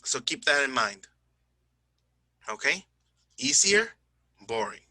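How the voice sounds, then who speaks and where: A man's voice: mid-range voice, sing-song, slow pace, bright, forceful tone, no echo, rough recording. A man teaching an English grammar lesson over a screen recording, explaining step by step, often checking in with "okay?" and owning small slips. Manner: self-correcting, says "my bad".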